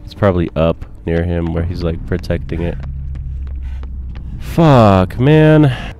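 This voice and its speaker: Male gaming commentator, unhurried, low voice, excitable and crude, swoops up into yelps. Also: lo-fi sound, a little hiss or hum. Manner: excitable, profane and joking, with sudden yelps and laughs. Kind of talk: casual gameplay commentary.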